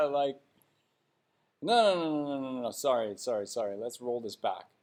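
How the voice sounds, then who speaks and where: A man rants through opinionated hockey commentary in a blunt, sarcastic way. His voice sits at an everyday middle pitch, and he talks straight to his viewers. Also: animated, normal speed, a little mellow.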